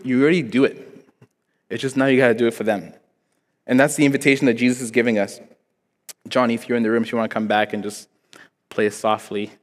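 A young man preaching a sermon in a church, telling stories casually with lots of "like" fillers. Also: mid-range voice. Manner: casual, storytelling, frequent "like" fillers, acts out quotes. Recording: long reverb in a church hall.

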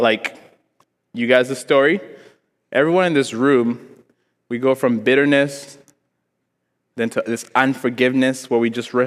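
Young man from Africa, middle-pitched, animated and joking preacher in a reverberant church hall. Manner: animated, joking, acts out voices in his story. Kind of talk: sermon with storytelling. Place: church hall before a congregation.

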